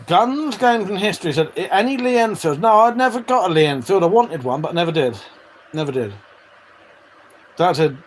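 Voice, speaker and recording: Male streamer, fairly high voice, loose and sweary, faint hiss behind. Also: expressive, moderate pace, low-quality recording. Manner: chatty, swears freely, laughs often. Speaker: livestream host reading chat. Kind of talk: casual live-stream chat.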